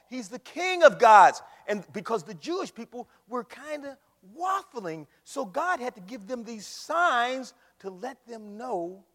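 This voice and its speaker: High-voiced preacher in an echoing hall. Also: male voice. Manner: dynamic preaching that swings from shouting to hushed whispers. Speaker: pastor. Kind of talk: sermon. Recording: long hall reverb.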